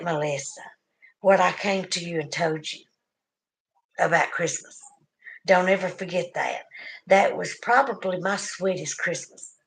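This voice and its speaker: A middle-aged woman with a Southern US accent hosting a casual livestream, chatting warmly with viewers and laughing often. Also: fairly low pitch, gravelly. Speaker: livestream host.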